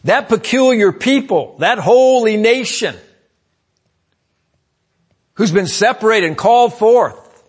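Husky-voiced preaching man. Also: expressive, takes it slowly, long pauses. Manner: preaching with call-and-response "amen?" to the congregation; swings from loud emphatic lines to low asides. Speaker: pastor. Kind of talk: sermon.

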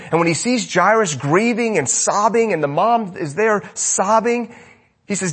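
A man preaching a sermon with passion, his voice rising loud and dropping to a hush. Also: sits high, lively intonation, measured pace, breathy edge. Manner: impassioned preaching, swinging between loud and hushed. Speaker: pastor.

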